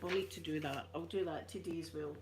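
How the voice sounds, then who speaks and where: A woman with a Glaswegian Scottish accent chatting casually, a rambling storyteller who laughs often and slips into soft asides. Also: deep voice, steady tone, fast, heavy background noise. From Glasgow, Scotland. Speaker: ASMR vlogger. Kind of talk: casual chat.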